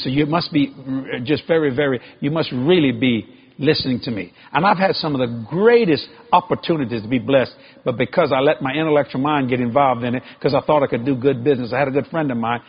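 A man preaching a sermon to a congregation, with emphatic stresses and sudden high shouted climbs. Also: husky, dull audio.

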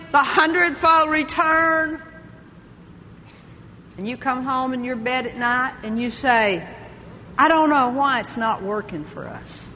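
A woman's voice: a little high, a bit bright, big-room sound, a little hiss or hum. An older woman preaching a sermon with fervour, reading scripture aloud and calling out praise. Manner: fervent, reads scripture aloud, exclamations of praise.

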